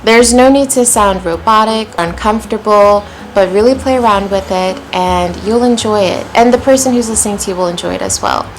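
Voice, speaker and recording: A woman with an American accent teaching an English pronunciation lesson, modeling phrases clearly and encouragingly. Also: medium pitch, fairly quick, hardly any pauses, soft background music, rough recording. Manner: clear, encouraging, demonstrative delivery.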